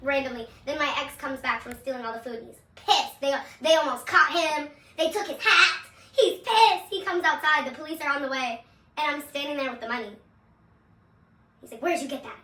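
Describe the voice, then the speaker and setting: A woman's voice: high-pitched, fairly quick, bright, forceful tone, far from the mic. A young woman from Seattle telling her personal testimony, candid and casual, swearing freely and laughing often. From Seattle, USA. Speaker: vlogger. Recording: echoey room, voice away from the mic.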